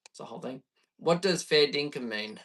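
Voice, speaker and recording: An Australian man in his thirties, a bass player chatting easygoing with viewers on a live stream. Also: a little fast, a bit bright, recorded from a distance. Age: 30s. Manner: chatty and easygoing, reading viewer questions aloud.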